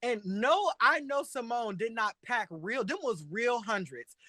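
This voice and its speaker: Sassy, laughing drag podcast host. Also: male voice, very high voice, a little slow, crowd noise. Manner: sassy, animated, laughs often. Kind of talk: casual chat.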